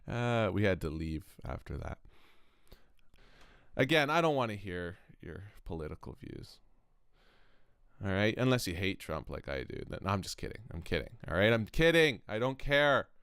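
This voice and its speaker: A man's voice: fairly low pitch, big pitch swings, moderate pace, fairly bright tone, clean tone, dry recording, studio quality. A man from Canada hosting a music production channel, rambling and joking between stories in a casual vlog. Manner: rambling, self-interrupting, joking. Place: home studio.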